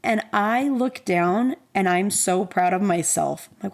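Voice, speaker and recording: A woman's voice: mid-range voice, measured pace, gravelly. A woman in her thirties telling a personal story in a candid, self-deprecating, conversational way. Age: 30s. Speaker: podcast host.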